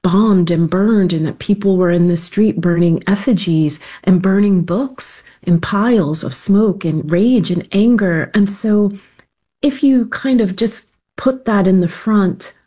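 A woman's voice: mid-range voice, unhurried, mellow. A woman interview guest speaking earnestly and reflectively, often restarting her sentences.

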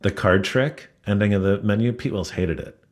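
A man with a very low, deep voice who talks reflectively in a radio interview. He tells long stories at an unhurried, thoughtful pace. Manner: reflective, storytelling. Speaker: restaurateur guest. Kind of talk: interview conversation.

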